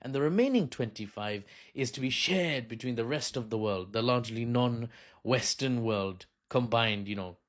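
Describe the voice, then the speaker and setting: A man's voice: medium pitch, normal speed. A man hosting satirical political commentary in a sarcastic, mock-cheerful and self-mocking way. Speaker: commentary channel host.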